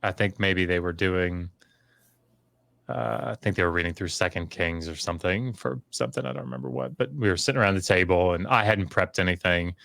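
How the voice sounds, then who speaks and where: A middle-aged man with a low voice tells a long story in casual conversation, with many fillers and restarts. He gets livelier when he acts out what others said. The recording is dry and close, with no room sound. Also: a little fast, creaky, fairly bright tone, no echo. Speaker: podcast guest, scholar.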